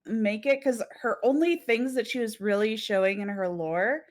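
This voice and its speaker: A woman's voice: a little high, moderate pace. A woman co-hosting a casual chat about a horror game, talking animatedly, swearing and laughing often. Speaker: co-host.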